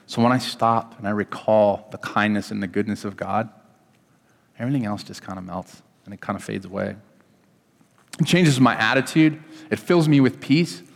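A man's voice: fairly low pitch, normal speed, gravelly. Earnest man preaching in a reverberant hall. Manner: conversational, earnest preaching with repetition. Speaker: pastor. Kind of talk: sermon.

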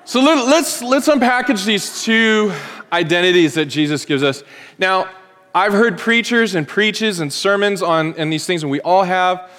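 A man in his forties delivers a sermon from a church sanctuary in a fairly high voice. He talks to the room conversationally, joking and animated. His words ring with a long reverb. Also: measured pace. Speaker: pastor.

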